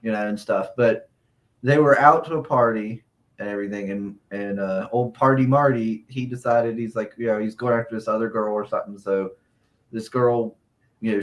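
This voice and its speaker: A man co-hosting a casual podcast, telling rambling stories full of fillers and chuckles. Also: fairly low pitch. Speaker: podcast co-host. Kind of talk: casual chat.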